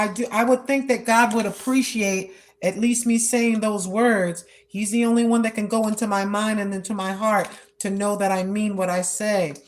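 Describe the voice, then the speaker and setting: A woman's voice: mid-range voice, a little hiss or hum. A woman in her sixties vlogging on a walk, speaking earnestly about prayer in a repetitive, preacherly way. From United States. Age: 60s. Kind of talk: spoken prayer and testimony while walking. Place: outdoors on a walk.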